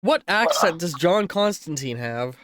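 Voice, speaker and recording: A man's voice: a little high, lively intonation, unhurried, fairly bright tone, dry recording. A man narrating as game master of a tabletop game on a stream, rambling and correcting himself as he goes.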